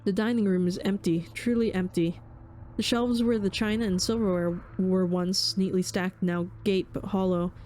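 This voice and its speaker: Casting: woman streamer, mid-pitched, somber dramatic game reading, faint music underneath. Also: steady tone, moderate pace, darkish tone. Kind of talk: reading a horror visual novel aloud.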